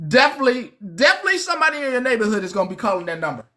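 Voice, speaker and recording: A woman's voice: on the high side, very animated, very fast, sharp tone. A woman hosting a casual live-stream commentary, mocking and preachy, hammering her points home by repeating phrases. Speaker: host.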